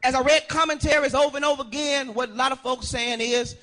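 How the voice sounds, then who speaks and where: A male pastor preaching a sermon, calling for a witness and swinging into shouted, sung phrases. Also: very high voice, little pitch movement, fast.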